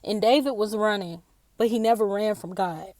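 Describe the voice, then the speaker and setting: A woman giving a personal devotional talk, earnest and halting, often repeating her words, tearful after a day of crying. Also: medium pitch, darkish tone, dry recording, clean studio sound. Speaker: faith speaker.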